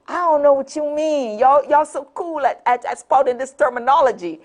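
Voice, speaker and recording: A woman's voice: high voice, expressive, fairly quick, darkish tone. A woman with a Caribbean accent hosting a talk show, talking straight to viewers in a sassy, preachy, slangy way. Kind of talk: lively talk show monologue. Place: TV studio.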